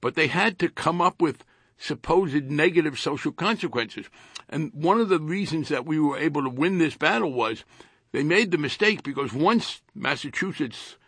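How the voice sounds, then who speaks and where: Gravelly older man with a Jersey accent. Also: fairly high pitch, fairly bright tone, no echo. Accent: New Jersey. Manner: halting, repeats words, dry wit. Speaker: retired congressman. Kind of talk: radio interview.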